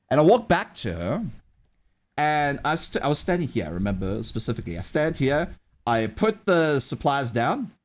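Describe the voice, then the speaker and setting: A man streaming live while drawing, chatting casually and telling a story in a rambling way with many restarts. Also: on the high side. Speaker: livestreamer.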